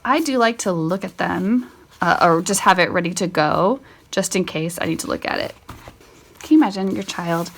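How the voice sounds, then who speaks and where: A woman's voice: fairly low pitch, lively intonation, moderate pace, slight background noise. A middle-aged woman walking through a homeschool spelling lesson, thinking aloud and correcting herself as she goes. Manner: thinking aloud, self-correcting, chatty asides. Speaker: homeschool teacher. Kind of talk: casual spelling lesson walkthrough.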